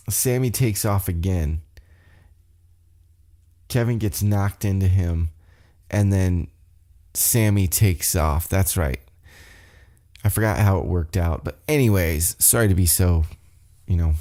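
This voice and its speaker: A man's voice: fairly low pitch, mellow. A man hosting a podcast, recapping a wrestling show in casual, rambling talk and acting out wrestlers' lines in a raised voice. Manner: rambling, loses track of notes, acts out wrestlers' lines in a raised voice. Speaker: podcast host.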